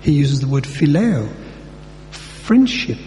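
A man's voice: fairly high pitch, sing-song, takes it slowly, dark tone. A man preaching a sermon in a conversational way, slipping into everyday speech as he acts out dialogue. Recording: long hall reverb, faint hum.

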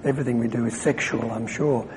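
A man's voice: mid-range voice, steady tone, fast talker, a little mellow, long reverb tail, a little hiss or hum, poor audio. A man preaching a sermon on scripture in a conversational way, thinking aloud and restarting sentences.

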